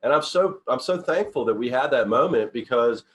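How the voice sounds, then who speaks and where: Middle-aged male speaker, earnest and rambling, lots of self-corrections, average pitch. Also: lively intonation, moderate pace, a bit bright. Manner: rambling, restarts often, earnest storytelling. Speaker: company CEO giving a talk. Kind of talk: informal motivational talk.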